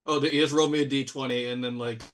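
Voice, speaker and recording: A man's voice: medium pitch, steady tone, fast talker. Chatty man running a tabletop game. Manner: loose, chatty, full of fillers and playful exclamations. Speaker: game master.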